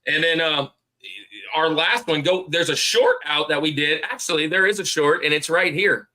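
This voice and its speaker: A man's voice: fairly high pitch, moderate pace, bright, forceful tone. A man hosting a podcast in casual chat, rambling and repeating himself as he plugs friends. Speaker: podcast host.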